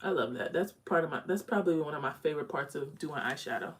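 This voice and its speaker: Chatty woman with a low voice. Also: expressive, fast. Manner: chatty, candid, talks while applying makeup. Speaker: beauty vlogger. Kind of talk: casual live makeup chat. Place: home.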